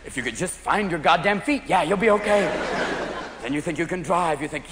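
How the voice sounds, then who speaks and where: A man's voice: fairly high pitch, lively intonation, a little fast, a little hiss or hum. A man doing a stand-up comedy routine in a manic style, jumping between silly character voices. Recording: echoey live hall recording, roaring crowd. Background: audience laughing loudly.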